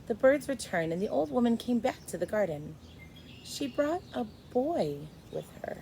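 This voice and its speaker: A woman teacher reading a chapter book aloud to first graders, expressive and stopping to explain. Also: fairly high pitch, normal speed, vocal fry, slight background noise, poor audio. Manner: expressive, stops to explain to kids.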